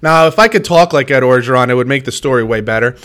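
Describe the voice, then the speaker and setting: A man co-hosting a casual sports podcast, talking in a relaxed, rambling way with frequent restarts and hedges. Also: mid-range voice, quick pace.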